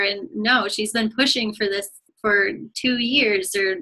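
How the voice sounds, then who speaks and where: A woman hosting a casual interview, encouraging and talking in long quick runs. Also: mid-range voice, fairly even intonation, pushed and bright, poor audio. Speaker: host.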